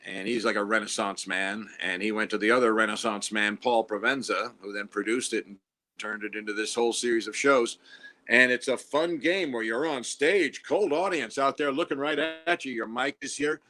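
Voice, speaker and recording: Bright-voiced chatty man. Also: medium pitch, normal speed. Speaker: guest comedian. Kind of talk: casual chat.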